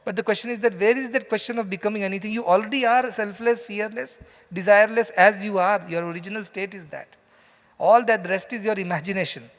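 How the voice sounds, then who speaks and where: A man's voice: high-pitched, fast talker. A man with an Indian English accent gives a scripture lecture to a live audience in a large hall, telling stories and putting questions to the listeners. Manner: conversational storytelling, asks the audience questions. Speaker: spiritual teacher. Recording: reverberant hall.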